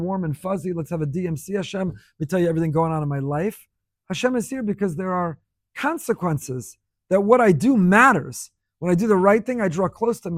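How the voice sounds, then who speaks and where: A man with a high-pitched voice delivers a sermon to students. He builds emphasis through rhetorical questions and repeated phrases. The sound is close and dry, with no room echo. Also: darkish tone. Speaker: rabbi teaching students. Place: speaking in Jerusalem.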